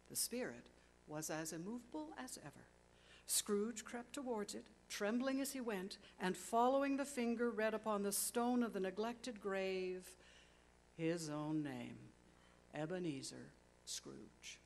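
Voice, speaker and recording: A woman narrating a classic story aloud with expressive, dramatic pacing that slows on key words. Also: medium pitch.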